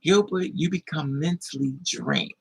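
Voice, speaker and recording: A man telling a story in a casual monologue, animated and acting out voices with high-pitched squeals. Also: unhurried, slightly rough, rough recording. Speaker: live streamer.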